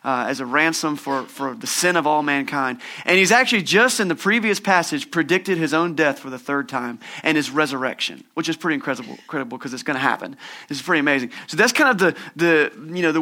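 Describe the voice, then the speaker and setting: Bright-voiced man preaching a casual sermon. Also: a little high, fast. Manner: conversational, humorous, animated storytelling. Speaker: pastor.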